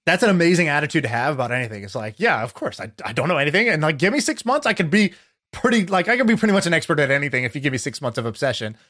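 A man's voice: fairly high pitch, racing. A man hosting a podcast, telling a story in casual chat and acting out the voices of the people in it. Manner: animated storyteller, acts out quotes. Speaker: podcast host. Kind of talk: casual conversation.

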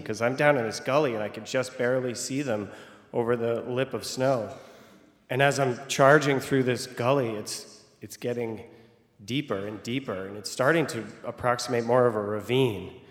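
Animated man telling a story in an echoing hall. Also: medium pitch, normal speed. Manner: animated, vivid, rising to excited outbursts. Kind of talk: live personal storytelling. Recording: echoey hall with long reverb.

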